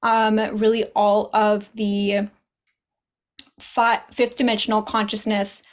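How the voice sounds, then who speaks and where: A woman guest on a podcast, a spiritual teacher talking earnestly in casual chat, in quick bursts. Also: medium pitch, little pitch movement.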